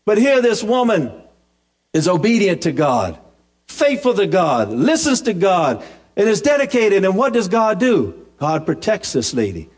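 Male preacher, high voice, folksy sermon with humorous asides, repeats himself. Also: sing-song, moderate pace. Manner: repetitive, restarting phrases.

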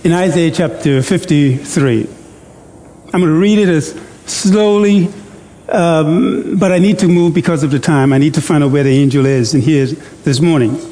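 Scripture comes slowly and deliberately from a male preacher whose fairly high voice sounds mellow in a large hall. Between readings he jokes and urges the congregation into call-and-response during his interactive sermon.

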